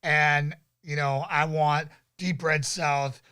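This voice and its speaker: A man's voice: fairly high pitch, fairly even intonation, takes it slowly, bright, forceful tone, clean tone, no echo, clean studio sound. A man hosting a casual live-stream chat, laid-back and rambling with lots of fillers. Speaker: podcast host.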